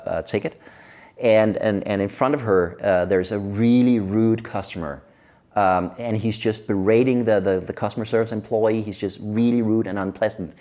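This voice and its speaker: A middle-aged man from Denmark, a guest in an interview who tells stories in a lively way and laughs often. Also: fairly low pitch, normal speed. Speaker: guest expert on workplace happiness. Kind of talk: casual interview chat.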